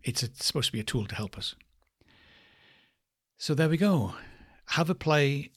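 A man teaching a voice lesson, speaking slowly and thoughtfully and demonstrating different word stress. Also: a little high, lively intonation, husky. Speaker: voice coach. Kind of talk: reflective spoken lesson.

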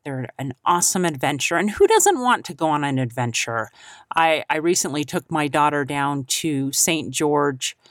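Low-voiced earnest woman podcast host. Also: sing-song, moderate pace, no echo, clean studio sound. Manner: earnest and upbeat, warm blessings. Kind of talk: solo podcast talk.

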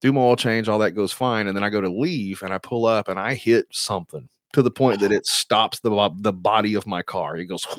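A man's voice: on the low side, a little fast, few pauses, dry recording, clean studio sound. A man guesting on a podcast, telling crude, joking stories and acting out what people said. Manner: crude, joking, acts out quotes. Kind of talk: casual chat.

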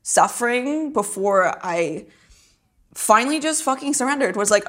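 A woman's voice: a little high, expressive, measured pace, fairly bright tone. Young woman chatting loosely, lots of likes and laughs, swears here n there. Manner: laughs often, heavy use of "like", swears casually. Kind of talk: casual chat.

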